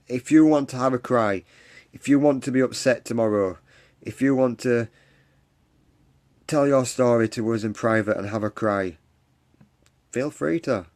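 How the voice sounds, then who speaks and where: Earnest low-voiced man. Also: a little mellow. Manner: earnest, repetitive pep talk, reads and answers comments. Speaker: live stream host for a support group. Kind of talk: encouraging livestream talk. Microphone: phone or webcam on a live stream.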